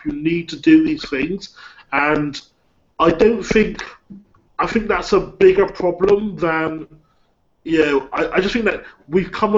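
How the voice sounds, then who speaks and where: A man in a panel discussion who hedges a lot and fills his sentences with "you know". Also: fairly high pitch. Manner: hedging, lots of "you know". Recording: muffled lo-fi audio with faint noise.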